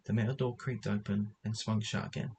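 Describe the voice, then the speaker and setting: A man's voice: fairly low pitch, fairly even intonation, brisk, a little mellow, slight background noise, rough recording. A man reading a story aloud as narrator, often stumbling and correcting himself as he goes. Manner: reads with frequent stumbles and self-corrections.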